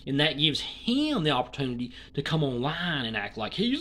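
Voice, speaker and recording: A YouTuber, rambling through an indignant opinion commentary and swinging between loud and hushed talk. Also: medium pitch, very animated, a little fast, few pauses.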